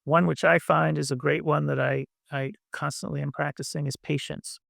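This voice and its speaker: Gravelly-voiced man giving a meditation talk. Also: fairly high pitch, little pitch movement, no echo, clean studio sound. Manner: gentle, halting, many fillers. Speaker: meditation teacher. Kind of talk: dharma talk.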